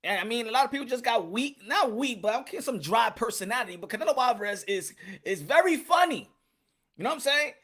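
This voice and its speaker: A man hosting a boxing commentary vlog, talking in an animated, slangy, joking way and often repeating himself. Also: very high-pitched, fast. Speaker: boxing channel host.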